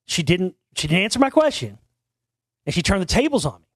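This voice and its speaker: A man's voice: sits high, very animated, fairly quick, no room sound. Rambling man telling a story, dry mic. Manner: rambling, repeats and restarts, swears casually. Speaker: podcast host. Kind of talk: casual storytelling monologue.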